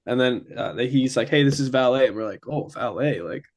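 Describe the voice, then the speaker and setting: A man's voice: mid-range voice, lively intonation, brisk. A young man from Ontario, telling a story as a guest in casual chat, full of fillers. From Ontario, Canada. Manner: chatty, many fillers.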